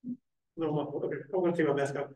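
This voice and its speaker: A man with a slightly high voice giving a panel presentation in a roomy, echoing hall. He stands a little away from the microphone, so he sounds distant. He talks quickly with plenty of ums and restarts. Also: steady tone, a little mellow. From Philadelphia. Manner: fast-talking, loose, many fillers. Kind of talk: academic conference talk. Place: conference room with hybrid online audience. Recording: echoey room, speaker away from the mic.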